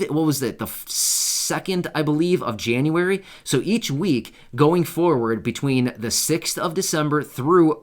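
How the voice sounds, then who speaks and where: Chatty man hosting a news channel. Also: fairly high pitch. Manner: chatty and informal, many fillers and asides, checks in with "right?". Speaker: YouTube host covering benefits news. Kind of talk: casual talk to camera.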